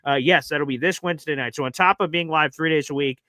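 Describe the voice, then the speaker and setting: A man co-hosting a live sports talk stream, pitching an upcoming show in an energetic, promotional way. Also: fast talker, no echo.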